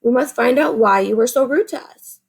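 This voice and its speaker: A woman's voice: a little high, normal speed, creaky, slightly rough. A woman voicing an eager, sheepish male dog in a storybook read-aloud. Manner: blurting, sheepish.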